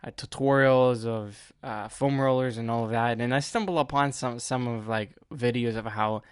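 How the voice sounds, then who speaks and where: A man's voice: medium pitch, fairly even intonation, moderate pace, smooth, no echo, clean studio sound. A man hosting a casual solo sports podcast, rambling and chatty, often laughing at himself. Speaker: podcast host.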